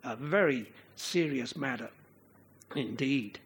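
A man preaching a sermon to a congregation, slow and expressive, sometimes chanting out the rhythms of verse. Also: medium pitch, slightly rough.

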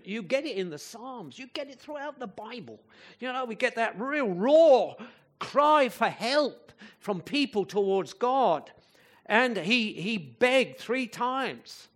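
Speaking slowly yet very animated, a man whose fairly bright voice sits high delivers a sermon in a conversational style. Rhetorical questions to the audience come often, punctuated by occasional emphatic outbursts.

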